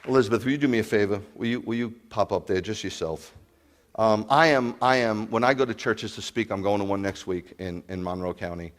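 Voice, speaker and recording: A man preaching to his congregation, animated, telling stories and asking the crowd questions. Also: fairly low pitch, fairly quick, a little hiss or hum. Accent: New York. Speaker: pastor. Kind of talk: sermon to a congregation.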